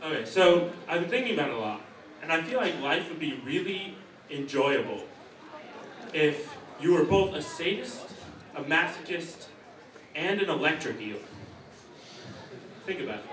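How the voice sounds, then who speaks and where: A young man doing a stand-up comedy set, offhand and deadpan with rambling asides. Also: fairly high pitch, moderate pace, pauses often, recorded from a distance, a little hiss or hum. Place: comedy stage in a hall. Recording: echoey hall, mic heard from afar.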